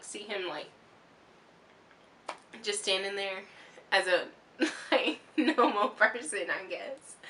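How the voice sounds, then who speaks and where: A young woman telling a story to her vlog viewers in a rambling, excitable way, with lots of fillers and restarts. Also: medium pitch, a little hiss or hum. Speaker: vlogger.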